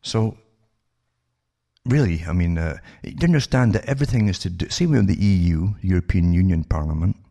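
Gravelly low-voiced sardonic man. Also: moderate pace, warm tone. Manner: sardonic, rhetorical questions to listeners. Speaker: political commentator. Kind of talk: monologue reading and commenting on news articles.

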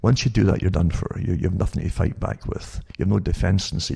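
A man's voice: low-pitched, quick pace, creaky, dark tone, breathy edge. A man hosting a monologue talk show, rambling with many repeated words and stumbling restarts. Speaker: show host.

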